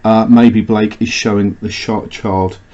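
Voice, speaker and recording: A man's voice: fairly low pitch, little pitch movement, unhurried, warm tone, lo-fi sound. A man teaching English literature in a recorded lecture, explaining a poem with many "uh" fillers and restarts.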